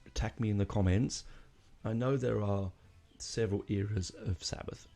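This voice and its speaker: A man hosts a casual music podcast, rambling and emotional, full of fillers and restarts. His voice is lowish and dark in tone, at a moderate pace.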